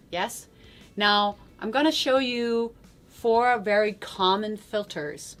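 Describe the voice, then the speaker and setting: A woman's voice: mid-range voice, slow pace, soft background music. A woman teaching a voice lesson, explaining singing technique in a chatty way and often checking in with a questioning "yes?". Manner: sings loud vowel demonstrations.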